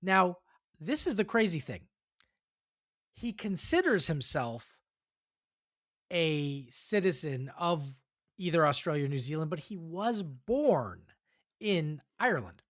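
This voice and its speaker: A woman's voice: low voice, sing-song, slow, pauses often. A woman hosting a podcast, running a quiz for her co-hosts in an upbeat, encouraging way. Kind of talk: casual podcast chat.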